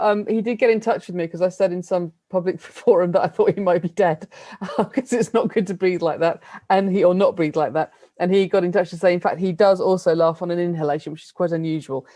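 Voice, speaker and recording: A middle-aged British woman giving an academic plenary talk over a video call, chatty and lively, with small self-deprecating laughs. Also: fairly low pitch, no echo, studio quality. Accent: British English. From United Kingdom. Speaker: lecturer. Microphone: computer mic on a video call.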